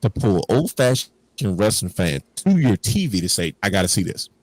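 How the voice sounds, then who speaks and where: A man's voice: fairly low pitch, sing-song, moderate pace, a little mellow, no room sound, rough recording. A man co-hosting a wrestling talk show, talking enthusiastically and rambling. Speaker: podcast co-host. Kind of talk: casual chat.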